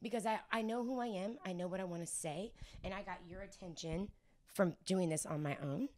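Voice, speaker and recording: A young woman, a singer-songwriter guest on a casual interview podcast, telling her story in an animated way, laughing often and echoing the host's words. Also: mid-range voice, fairly quick.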